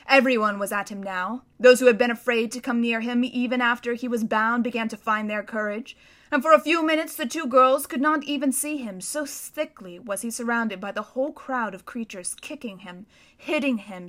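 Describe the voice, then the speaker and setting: Woman narrator, children's audiobook, dramatic storytelling, bright clear tone, fairly high voice.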